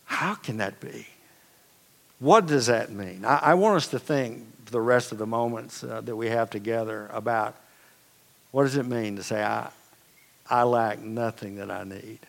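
Slow-spoken preacher man in a reverberant hall. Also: mid-range voice, creaky. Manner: conversational, storytelling, folksy asides. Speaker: pastor. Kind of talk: sermon. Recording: long reverb of a large hall.

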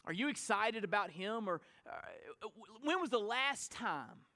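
A man preaching a sermon to his congregation as pastor, swinging from quiet asides to shouted emphasis. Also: high voice, big pitch swings, unhurried. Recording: long church hall reverb.

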